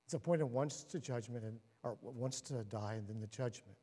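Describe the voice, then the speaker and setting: A man's voice: normal speed, husky. Man preaching in an echoing hall. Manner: animated storytelling, rising to excited, laughing highs. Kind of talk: sermon. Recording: long reverb of a large hall.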